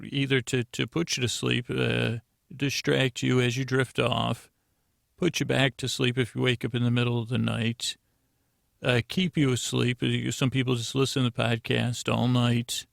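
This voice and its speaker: A man's voice: medium pitch, creaky, fairly bright tone, no echo, clean studio sound. A man hosting a bedtime podcast, rambling and meandering with many restarts. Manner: meandering, self-interrupting, drowsy. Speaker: podcast host.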